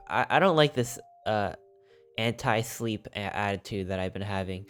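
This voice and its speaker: Sleepy, rambling man over loud music. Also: on the low side, lively intonation, moderate pace, clean tone. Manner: rambling, goofy, chats with viewers. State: sleepy and a little sniffly. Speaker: game streamer. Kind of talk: casual live-stream chat. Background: background music.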